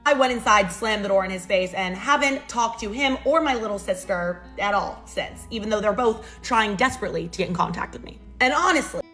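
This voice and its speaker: A young adult woman narrates a personal drama, full of sarcastic asides and dramatic emphasis. Her voice sits at a moderate pitch, and soft music plays faintly behind her. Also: brisk, hardly any pauses. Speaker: storytime narrator. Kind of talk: storytime narration for social video.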